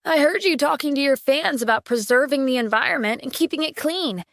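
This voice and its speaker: A woman's voice: high-pitched, animated, a little fast, fairly bright tone, no echo, clean studio sound, pitched above the performer's own voice. A woman voicing a stern young security chief. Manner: cool, firm, demanding. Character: calm, stern young man, security director. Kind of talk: audiobook character voice.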